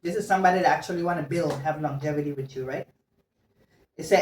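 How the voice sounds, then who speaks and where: Speaking fairly quickly in a fairly low, expressive voice, a tarot reader gives a relaxed love reading full of slang, cursing, and laughter, in a talkative, frank manner. The audio is roomy and faintly noisy, picked up by a far-off mic.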